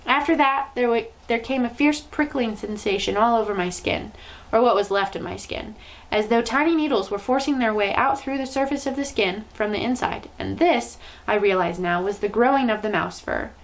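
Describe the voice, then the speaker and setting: Storytime reader: a woman with a slightly high voice, telling a children's book with drama. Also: normal speed, poor audio. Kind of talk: reading a children's novel aloud.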